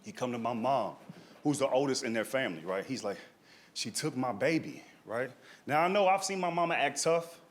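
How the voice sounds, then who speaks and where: A young man doing stand-up, telling a family story in a lively way and tagging his lines with "right?" and "dog". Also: mid-range voice, a little fast. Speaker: stand-up comedian. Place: comedy stage.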